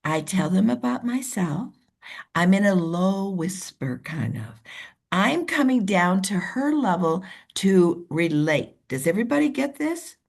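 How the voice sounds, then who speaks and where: Woman coaching her team on a video call, animated, does little voices of people. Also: mid-range voice, measured pace, creaky. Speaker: team leader. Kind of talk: motivational coaching talk.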